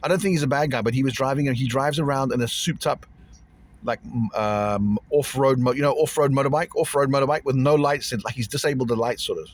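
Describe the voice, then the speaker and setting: A man's voice: mid-range voice, fast talker. A man vlogging casually to camera, rambling and repeating himself in an uneasy way.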